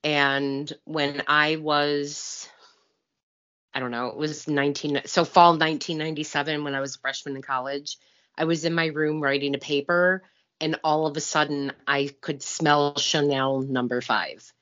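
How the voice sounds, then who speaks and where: A woman's voice: low voice, steady tone, normal speed, a bit bright, lo-fi sound. A woman in her forties co-hosting a podcast, chatting casually with wry, blunt asides and telling a personal story. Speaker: podcast co-host.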